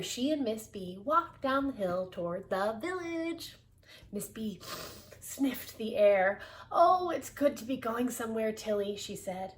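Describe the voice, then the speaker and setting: A woman's voice: a little high, bright, forceful tone, slight background noise. A woman reading a children's book aloud, with playful asides to her listeners. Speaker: reader.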